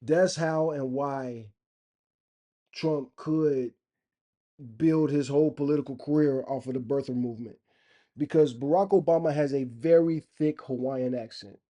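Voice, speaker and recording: A man's voice: on the high side, mellow. A man vlogging in a rambling, opinionated casual monologue. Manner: rambling, opinionated, loose and conversational.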